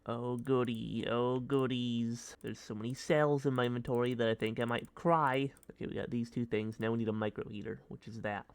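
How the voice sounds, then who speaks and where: A young man streaming a modded block-building game, rambling in goofy, silly commentary with sudden high yelps. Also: fairly even intonation, moderate pace, hardly any pauses, smooth, no echo. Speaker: gaming streamer. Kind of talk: casual gameplay commentary.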